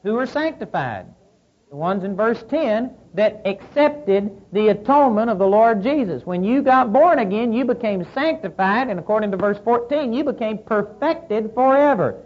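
A woman's voice: a little high, animated, moderate pace. A woman preaching a sermon, emphatic, asking rhetorical questions and reading scripture aloud. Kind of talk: sermon teaching. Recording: slightly dull lo-fi recording.

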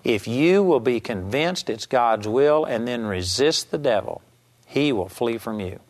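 A man's voice: mid-range voice, lively intonation, measured pace. A man preaching a sermon, urging his listeners with emphatic, repeated exhortations. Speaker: Bible teacher. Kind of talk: sermon teaching.

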